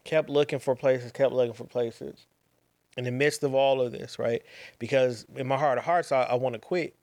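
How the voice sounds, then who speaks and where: A man's voice: medium pitch, fairly even intonation, moderate pace, darkish tone, no echo. Young male host, casual rambling storyteller, mid-range voice, dry recording. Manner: rambling, repeats phrases, slangy asides. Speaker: podcast host.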